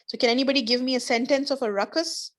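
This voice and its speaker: A woman's voice: sits high, steady tone, quick pace. A woman teaching an online class over a video call, explaining words patiently with examples and encouraging her students.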